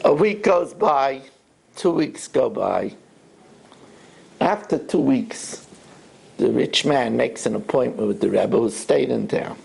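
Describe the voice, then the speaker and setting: A man, a rabbi, giving a sermon and telling a story in an animated, wry way. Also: medium pitch, slow pace, gravelly, pauses often, slight background noise.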